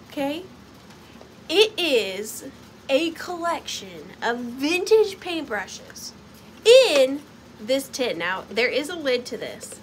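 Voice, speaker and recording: A woman's voice: sits high, fairly bright tone, slight background noise. A young woman selling vintage items in a bubbly, playful live sale, chatting to her pieces as if they were friends. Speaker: online vintage seller. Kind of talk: casual live sale chat.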